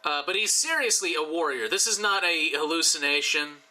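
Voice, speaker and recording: A man's voice: on the high side, animated, moderate pace, sharp tone, rough recording. A tipsy man rambling and joking with profane asides while he draws for his channel. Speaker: YouTuber drawing commissioned art. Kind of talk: casual rambling commentary while drawing.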